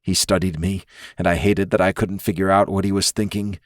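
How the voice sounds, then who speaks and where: Guy reading a romance audiobook in first person, lowish voice, dry close sound. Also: level tone, brisk, dry recording. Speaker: audiobook narrator.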